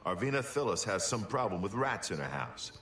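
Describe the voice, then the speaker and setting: A very deep, stern guild chief. He hands out orders in a gruff, businesslike way. The game audio is roomy and distant, with music under it. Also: sing-song, a little fast, fairly bright tone. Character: stern male fighters guild chapter head.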